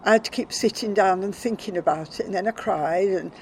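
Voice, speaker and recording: A woman's voice: medium pitch, a little fast, a little hiss or hum, poor audio. An older woman speaking as an interview guest, candid and emotional, often trailing off with repeated 'and'. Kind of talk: emotional personal storytelling.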